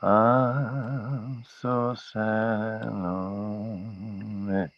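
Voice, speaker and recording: A man voicing his pet dog as a lonely, self-pitying creature in a slow, drawn-out moan, with a dull lo-fi sound. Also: fairly low pitch, flat delivery, pitched above the performer's own voice. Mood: mournful.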